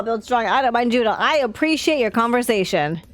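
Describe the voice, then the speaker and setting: A woman's voice: fairly high pitch, animated, fairly quick. A young woman streaming a game live, chatting casually and talking to herself, laughing often and sounding tired. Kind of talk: casual live-stream chat while playing.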